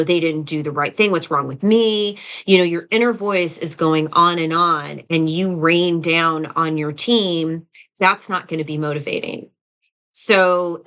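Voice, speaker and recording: A woman with a low-pitched voice gives a coaching talk straight to camera. She speaks in an easy, conversational way, often repeating a phrase and checking in with "right?". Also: fairly bright tone. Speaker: leadership coach. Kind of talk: direct-to-camera teaching talk.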